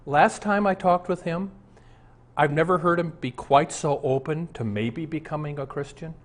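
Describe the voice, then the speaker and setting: A man's voice: fairly high pitch, normal speed. Earnest older male pastor preaching. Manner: earnest, conversational preaching with rhetorical questions. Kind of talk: sermon.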